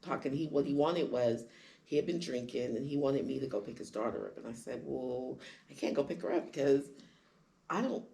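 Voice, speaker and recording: A woman candidly telling her own story in conversation, acting out quoted lines with sudden jumps in pitch. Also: normal speed, vocal fry, dark tone. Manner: acts out quoted dialogue with big pitch jumps. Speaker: guest sharing her story.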